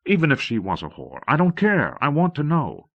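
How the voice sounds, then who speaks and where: A man's voice: on the high side, huge pitch swings, normal speed, gravelly, pitched above the performer's own voice, heavily acted. A man voicing an earnest, troubled young man of the Watch, speaking urgently on a dull old tape.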